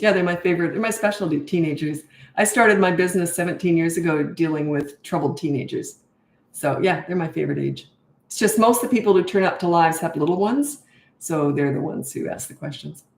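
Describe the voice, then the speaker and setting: A woman's voice: lowish voice, roomy sound. A middle-aged woman parenting coach answering viewer questions on a live stream, blunt and emphatic, often repeating words for stress.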